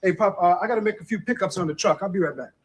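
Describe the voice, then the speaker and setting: A man's voice: high voice, rapid-fire, slight background noise, voice pushed up, close to an everyday voice. A man putting on the voice of a grown son who talks in a rush as he heads out to work. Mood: hurried.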